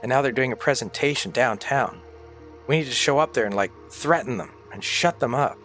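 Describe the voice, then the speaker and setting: A man's voice: mid-range voice, a little fast, fairly bright tone. Tired, rambling man streaming with faint music. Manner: rambling, swears freely. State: tired and sick. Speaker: livestreamer. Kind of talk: casual livestream chat.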